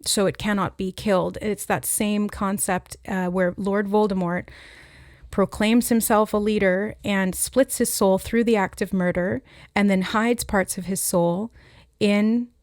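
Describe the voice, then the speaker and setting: A woman giving a channeled tarot reading, earnest and reflective, pausing to relay the messages she hears. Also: medium pitch, darkish tone, no room sound, clean studio sound. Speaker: intuitive tarot reader.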